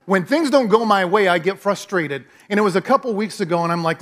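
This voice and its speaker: Casting: male pastor, sermon delivery, chatty and animated, voice a bit on the high side. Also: fairly quick, hardly any pauses. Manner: conversational, animated storytelling with acted dialogue.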